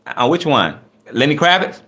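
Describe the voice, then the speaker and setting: Animated man reading his livestream chat. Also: a little high, moderate pace. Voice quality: lively, animated delivery. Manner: reads chat comments aloud and riffs on them; playful, laughing, teasing.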